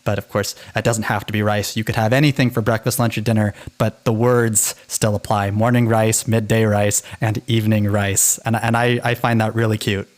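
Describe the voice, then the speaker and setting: A man co-hosting a casual podcast, animated and often restarting his sentences. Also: lowish voice, moderate pace, hardly any pauses. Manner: animated, self-interrupting. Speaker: podcast co-host. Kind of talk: casual chat.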